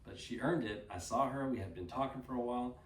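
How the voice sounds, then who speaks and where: A man giving a casual storytelling talk to a group, animated, often laughing, and acting out the people he quotes. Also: medium pitch, fast. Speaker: group presenter. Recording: roomy sound from a distant mic, faint noise.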